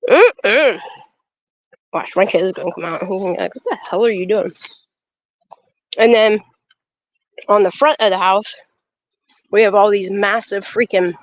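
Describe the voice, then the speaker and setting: A woman giving a casual walk-and-talk garden tour outdoors, chatty and excitable, swearing freely and talking straight to her viewers through a handheld phone camera. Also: medium pitch, no room sound. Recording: slightly dull phone audio.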